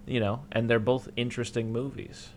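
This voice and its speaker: An animated young man chats loosely about a movie he just watched. His voice sits mid-range, and he keeps breaking into loud, high voices as he acts out scenes. A faint noise sits under the recording. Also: normal speed. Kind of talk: casual movie discussion.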